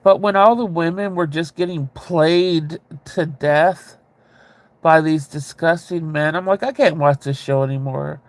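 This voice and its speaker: A man chatting casually with viewers, rambling and candid, with a ready laugh and a gravelly voice. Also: on the high side, unhurried, no room sound. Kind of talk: casual chat.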